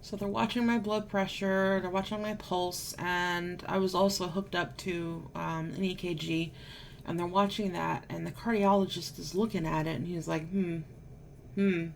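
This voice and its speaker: A woman's voice: lowish voice, steady tone, normal speed, creaky, slight background noise. A woman vlogger telling a story casually to camera, chatty and sarcastic, still a bit unwell.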